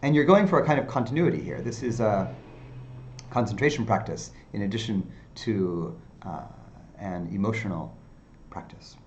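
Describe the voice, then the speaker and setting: A male meditation teacher giving an unhurried dharma talk, with many fillers and softly repeated phrases. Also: on the low side, lively intonation, highs cut off, slight background noise.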